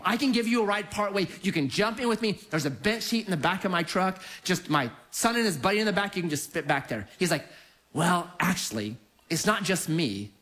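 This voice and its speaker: A middle-aged man tells a humorous personal story in the manner of a preacher. His voice climbs and dips with lively swings as he acts out his own reactions. He often chuckles as he talks. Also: high voice. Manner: chuckles through lines.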